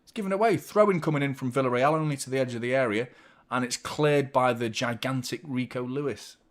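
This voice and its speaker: A man hosting a live football watchalong, chatting casually with animated, sweary banter. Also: mid-range voice, a little fast. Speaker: host of a football fan watchalong.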